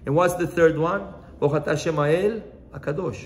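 A man teaching as a rabbi in a relaxed, chatty way, telling stories and asking his listeners questions. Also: on the high side, racing. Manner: chatty, asks the listeners questions, mixes in Hebrew phrases. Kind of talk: informal Torah lesson with storytelling.

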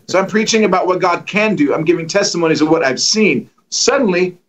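Middle-aged guy preaching fast, high voice, acts out all the quotes. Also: poor audio. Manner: animated, acts out dialogue with lively voices. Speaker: guest preacher. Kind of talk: storytelling testimony.

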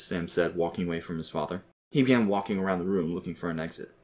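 A man narrating a scripted fantasy story with a steady, expressive reading. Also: low-pitched, fast, few pauses.

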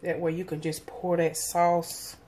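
A woman's voice: on the low side, level tone, measured pace, darkish tone. A woman, chatting casually with viewers in a folksy cooking and eating vlog from her home kitchen. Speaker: cooking vlogger.

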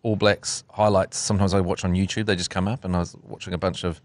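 A man's voice: low voice, flat delivery, fast. A man with a New Zealand accent co-hosting a podcast, chatting with wry, teasing humour. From Dunedin, New Zealand. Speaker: podcast co-host. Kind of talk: casual chat.

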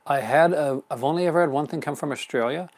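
A man's voice: on the high side, quick pace. A man hosting a live unboxing stream in casual chat, rambling and chuckling often. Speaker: host.

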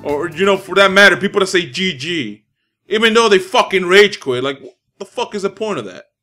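A young man doing live gameplay commentary, profane and trash-talking, with animated reactions. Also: high-pitched, fast. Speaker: gaming commentator. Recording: loud game music behind. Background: game music.

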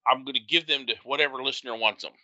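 A man's voice: mid-range voice, steady tone, racing, sharp tone, no room sound, dull audio. A man co-hosting a podcast, chatting casually and telling wry, joking stories. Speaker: podcast co-host. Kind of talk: casual chat.

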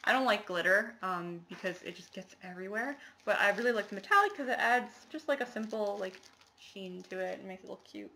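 A woman talks casually to her viewers, rambling from one item to the next with plenty of "um" and "like." Her voice has a gravelly, fried edge at a middle pitch. A faint hiss of background noise sits behind her. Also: a little fast, pushed and bright. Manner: rambling, chatty, many fillers and apologies. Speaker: cross-stitch vlogger. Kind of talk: casual show-and-tell chat.

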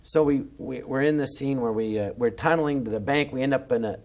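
A middle-aged man, a comedian, telling an animated anecdote in a podcast interview and acting out the voices. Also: medium pitch, fairly quick. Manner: animated, acts out every voice, jumps to shouting when excited. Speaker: guest comedian.

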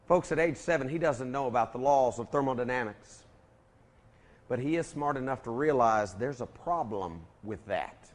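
A man's voice: mid-range voice, expressive, normal speed. A man giving a preacher-like lecture to an audience, folksy and emphatic, calling his listeners folks.

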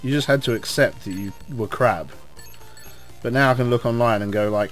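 An English man giving casual, rambling commentary while playing a video game, cursing at enemies and shouting when things go wrong. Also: fairly low pitch, normal speed, soft background music. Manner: excitable, swears at enemies, rambling asides. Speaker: let's play host.

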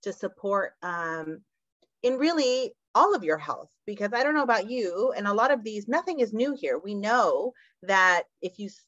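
A woman co-presenting an online workshop, talking conversationally with quick asides. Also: mid-range voice, expressive, fairly bright tone, no echo. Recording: dull lo-fi, dry sound.

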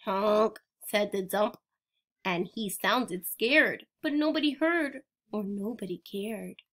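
Woman teacher, unhurried picture-book read-aloud, invites the kids to join in. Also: medium pitch, animated, fairly bright tone. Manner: interactive, prompting children to join in.

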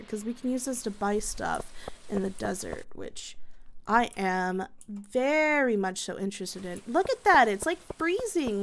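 A young woman casually commentating her gameplay, bubbly and excitable and chatting to her viewers. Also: fairly high pitch, a little hiss or hum. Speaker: gaming video host.

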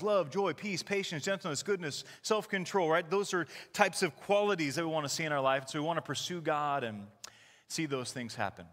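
A man in his thirties preaching a casual, conversational sermon as the church's pastor, telling stories with animated quoted voices. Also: on the high side. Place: church sanctuary. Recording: long hall reverb.

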